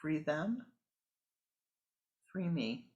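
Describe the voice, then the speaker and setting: Calm, measured spiritual teacher. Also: medium pitch, lo-fi sound. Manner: calm, measured storytelling with pauses. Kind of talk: sermon with parable and guided meditation.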